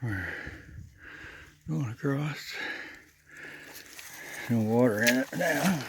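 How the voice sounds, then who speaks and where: A man hiking a forest trail, narrating in a folksy, unhurried way as he thinks aloud, getting out of breath on the climbs. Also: medium pitch, breathy edge. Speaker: hiker vlogger. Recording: outdoor trail noise.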